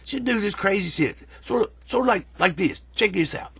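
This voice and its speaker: Man, husky voice, a bit high, crude folksy rant, dry close sound. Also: animated, fairly quick, fairly bright tone, dry recording. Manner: rambling, profane, drawling storyteller. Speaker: comic vlogger.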